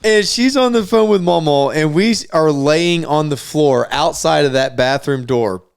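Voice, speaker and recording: In a fairly high, creaky but clean-toned voice, a young podcast co-host tells a story at a moderate pace. The chat is casual, and he's animated, swearing plenty and acting out quotes.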